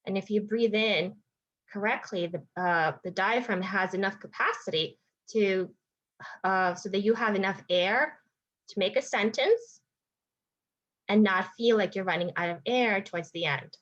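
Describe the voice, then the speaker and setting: A woman's voice: mid-range voice, a little slow, a bit bright, highs cut off. A woman speech therapist explaining strategies to parents in an informal, thinking-aloud teaching talk with frequent restarts.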